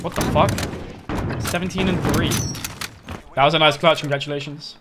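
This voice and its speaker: A man's voice: a little high, fairly even intonation, moderate pace, heavy background noise. A man streaming a shooter game, talking casually with cocky, teasing banter and a lot of swearing. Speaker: gaming streamer. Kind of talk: profane casual game commentary. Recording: loud gunfire over the voice. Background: game gunfire.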